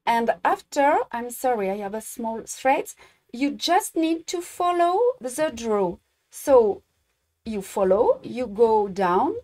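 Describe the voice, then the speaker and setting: Slow, halting French woman teaching embroidery. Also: high voice, darkish tone. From France. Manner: halting, searching for English words. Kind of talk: live-streamed craft tutorial.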